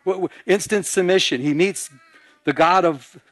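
A male pastor preaching a sermon, animated, acting out scenes in quieter voices. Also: sits high, moderate pace, no echo. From Michigan.

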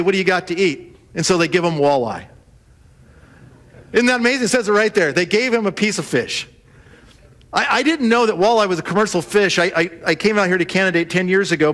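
A man preaching a sermon, telling the story in a lively way and acting out the voices of the people in it. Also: high voice. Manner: animated storytelling, acts out voices of the disciples. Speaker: pastor.

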